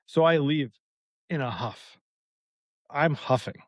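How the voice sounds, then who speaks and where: A man tells a story on a podcast in an animated, exasperated way and swears freely. His voice sits a little high for a man. The recording is close and dry, with no room sound. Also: slow pace, no room sound. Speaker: podcast co-host. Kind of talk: casual storytelling chat.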